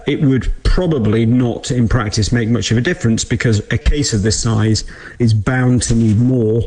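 A man's voice: mid-range voice, moderate pace, mellow, rough recording. A man carefully explaining a technical point in a played-in radio clip. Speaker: expert commentator.

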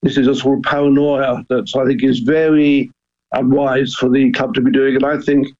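A man's voice: mid-range voice, flat delivery, a little mellow, lo-fi sound. An older man speaking earnestly as a radio interview guest, stopping and restarting often. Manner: earnest, halting with many restarts. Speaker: guest, former club chairman.

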